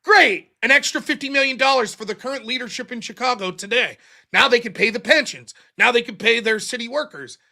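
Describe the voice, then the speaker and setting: Blunt, profane high-voiced man in his forties. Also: fairly quick, vocal fry. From United States. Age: 40s. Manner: blunt, profane, animated with acted-out quotes. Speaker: call-in show host. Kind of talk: casual political monologue.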